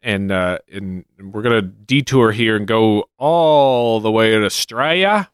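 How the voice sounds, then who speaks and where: A man's voice: fairly low pitch, measured pace, smooth, no room sound. A man co-hosting a casual podcast, reading sighting reports with dry joking asides. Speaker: podcast co-host.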